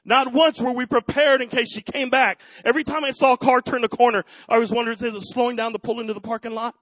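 High-voiced man preaching a sermon. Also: little pitch movement, quick pace, no room sound, rough recording. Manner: personal storytelling that swells into loud preaching. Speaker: pastor.

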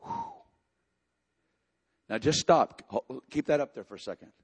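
A man preaching a sermon, reading scripture and building to impassioned, near-shouted prayer. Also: mid-range voice, a little fast, breathy edge. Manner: impassioned preaching, rising to shouts in emotional passages. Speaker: pastor.

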